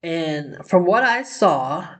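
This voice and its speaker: A woman's voice: lowish voice, animated, slow pace. Woman vlogger firing off rhetorical questions. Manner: talks to the viewer with rhetorical questions and frequent "like" and "you know". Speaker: vlog host. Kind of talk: casual commentary chat.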